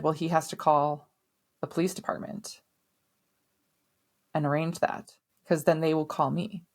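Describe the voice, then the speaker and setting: Candid, emphatic woman telling her story. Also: low voice. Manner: candid, emphatic, swears now and then. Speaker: podcast host. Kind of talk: personal storytelling.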